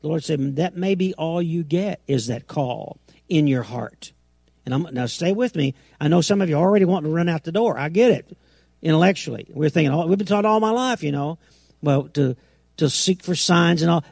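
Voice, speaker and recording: A middle-aged man preaching a sermon, emphatic, with dramatic swings in loudness and acted-out quotes. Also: a little high, animated, normal speed, vocal fry, no room sound, studio quality.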